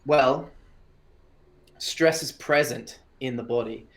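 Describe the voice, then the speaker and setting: A man talking as a breathwork coach in a casual podcast interview, calm and explanatory, in short phrases. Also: mid-range voice, slow, gravelly.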